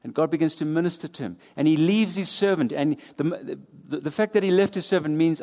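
A man preaching a sermon, swinging between loud and hushed as he drives his points home. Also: high voice, quick pace, few pauses. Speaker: pastor. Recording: long hall reverb.

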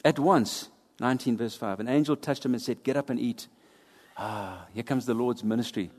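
A man preaching a sermon, swinging between loud and hushed as he drives his points home. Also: mid-range voice, fairly quick. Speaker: pastor. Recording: long hall reverb.

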